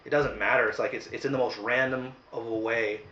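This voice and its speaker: A man's voice: mid-range voice, fairly even intonation, brisk, bright, forceful tone. A young man hosting a casual Bible study, reading a chapter aloud and then reflecting earnestly with many fillers. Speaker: host leading a Bible study. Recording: roomy, dull lo-fi sound.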